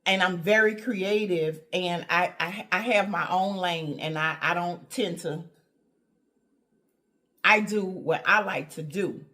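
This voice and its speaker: A woman vlogging about her home decorating channel, telling a story with laughs and excited squeals, going soft and slow when she is touched. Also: lowish voice. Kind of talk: casual vlog talk.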